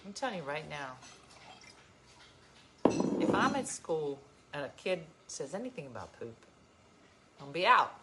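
A woman vlogger chatting casually to her viewers and reading their comments, telling stories with emphatic, animated delivery. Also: low voice, measured pace, long pauses, background noise.

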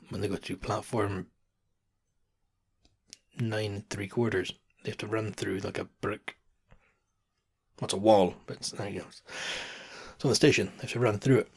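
Gravelly man in his thirties, chatty. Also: fairly low pitch, fairly even intonation, moderate pace, pauses often. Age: 30s. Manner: chatty and rambling, laughs often, swears casually. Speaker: podcast host. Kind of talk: casual storytelling monologue.

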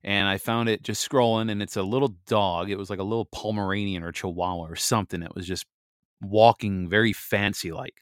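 An American man co-hosting a faith podcast, chatting casually and laughing at himself, then reading scripture aloud in a steady, measured way. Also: lowish voice, smooth, no echo, clean studio sound. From United States. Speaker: podcast co-host.

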